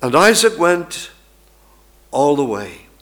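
A man's voice: fairly high pitch, big pitch swings, slow, fairly bright tone. A male preacher giving an emphatic sermon with dramatic storytelling.

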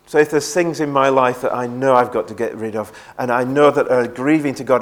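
A man's voice: medium pitch, fairly quick, hardly any pauses. Earnest male preacher giving a sermon. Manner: earnest, repeats words when stressing a point.

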